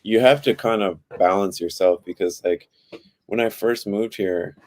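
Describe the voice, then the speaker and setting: A man's voice: on the low side, measured pace. A young man chatting casually as a podcast guest, telling stories loosely with lots of filler words. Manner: relaxed storytelling with frequent "like" fillers. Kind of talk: casual chat.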